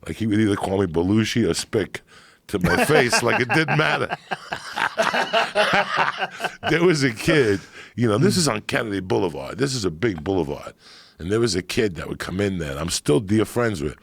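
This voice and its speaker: A middle-aged man telling profane stories in a casual chat, getting animated as he goes. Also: lowish voice, brisk, vocal fry, husky, no echo.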